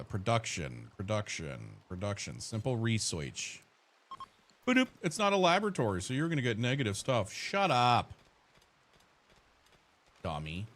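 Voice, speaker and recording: A man's voice: lowish voice, a bit bright. Cussing, joking gaming streamer guy. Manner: profane, joking, talks to chat and his characters. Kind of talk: casual let's-play commentary.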